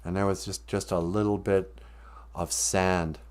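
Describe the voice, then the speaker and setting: A man telling a traditional story in a relaxed, conversational way, with dramatic drops in volume. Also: deep voice, unhurried, smooth. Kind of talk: live-streamed oral storytelling.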